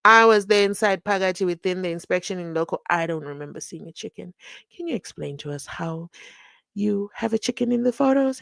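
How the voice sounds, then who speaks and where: A woman's voice: fairly low pitch, a little fast, gravelly, a bit bright, no room sound. Chatty, sarcastic woman. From Namibia. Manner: chatty, sarcastic, acts out the people she quotes. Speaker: commentary channel host. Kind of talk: casual commentary on a court trial.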